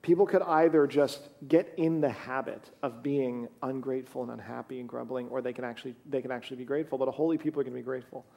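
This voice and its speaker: A man's voice: medium pitch, fairly even intonation, quick pace, gravelly, hardly any pauses, dark tone. A man preaching a sermon in a conversational way, reading scripture aloud as he goes. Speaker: pastor.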